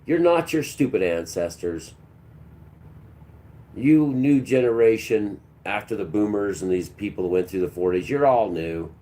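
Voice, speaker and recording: A man's voice: fairly low pitch, lively intonation, measured pace, mellow. Ranting man preaching on a livestream. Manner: preachy and combative, talks back to chat. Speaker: livestream host.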